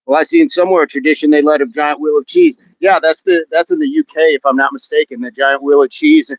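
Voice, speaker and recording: Hosting an outdoor fitness livestream, a fast-talking man with a voice on the high side keeps a steady tone. He reads viewer comments in a casual, joking way and laughs often, all in a dull, dry, lo-fi recording.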